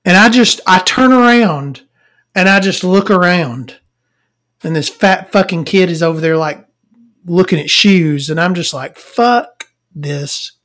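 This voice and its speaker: Speaking a little slowly, a woman delivers an exasperated, rambling rant of a story full of heavy swearing. Her voice swings from loud outbursts down to low mutters.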